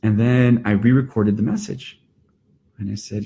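A man's voice: on the low side, steady tone, moderate pace, mellow, a little hiss or hum. A middle-aged man, a therapist speaking in an earnest, reflective podcast monologue with emphatic restarts. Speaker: therapist and workshop leader.

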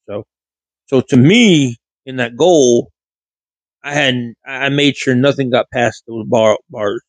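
A man's voice: mid-range voice, no room sound, low-quality recording. A man telling casual stories in a rambling way, often correcting himself, into a mic with a pop filter. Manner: rambling, frequent self-corrections. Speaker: vlogger. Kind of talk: casual storytelling monologue. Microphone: studio mic with pop filter.

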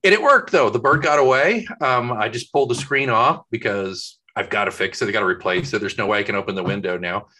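Bright-voiced man telling a lively story. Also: fairly low pitch, fairly quick, hardly any pauses. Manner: animated storyteller, acts out voices in his anecdotes. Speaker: podcast co-host. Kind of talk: casual chat. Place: home office.

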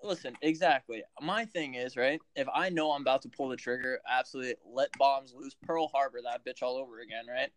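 Guy doing crude banter, regular pitch, super dry mic. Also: steady tone, a little fast, few pauses, dry recording. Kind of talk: casual chat.

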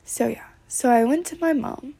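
A woman's voice: sits high, moderate pace, gravelly, dark tone, breathy edge. A woman talking casually to camera in a rambling way, full of "like" and swearing. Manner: rambling, heavy use of "like", frequent swearing. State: upset, close to tears. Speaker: vlogger.

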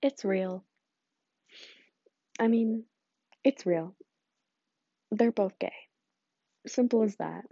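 A teenage girl rambles through a casual vlog story, gushing and animated, with plenty of swearing and filler words. Her voice has a gravelly fry and a mellow, darker tone. The sound is muffled and a little lo-fi. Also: fairly high pitch, takes it slowly, long pauses, dry recording. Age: teens. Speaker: vlogger. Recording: muffled lo-fi mic.

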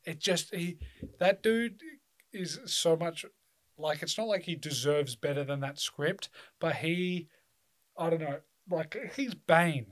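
A man's voice: on the high side, slow pace. Blunt, opinionated man. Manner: blunt, opinionated, swears often. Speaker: podcast co-host. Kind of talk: casual chat about films.

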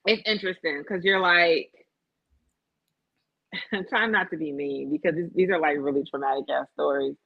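A woman co-hosting a casual chat, telling stories in an animated, profane way and laughing often. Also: low voice, normal speed, gravelly, pauses often, no echo, dull audio.

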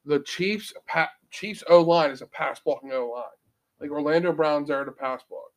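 A man's voice: fairly high pitch, moderate pace. Brash, joking male sports podcaster. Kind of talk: casual sports banter.

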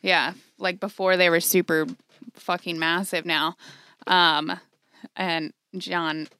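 Smooth-voiced woman podcast co-host. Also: on the low side, level tone, slow pace, sharp tone, no echo. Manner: rambling, laughs, swears freely. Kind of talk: casual chat.

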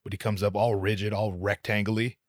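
A young man hosting a podcast, telling a casual, profane, self-mocking story, his voice jumping up in pitch for his own quoted reactions. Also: level tone, brisk, no echo, clean studio sound. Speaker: podcast host.

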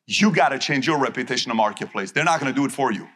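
A man's voice: medium pitch, lively intonation, very fast, a bit bright. A man giving a live seminar speech to an audience, emphatic and punchy, repeating his key phrases. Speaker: motivational speaker.

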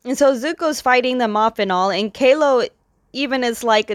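A woman's voice: a little high, dry recording, studio quality. Woman casually rambling through a story recap. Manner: rambling, loose storytelling with many fillers; quick lilting impressions of the characters' lines. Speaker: comic recap host.

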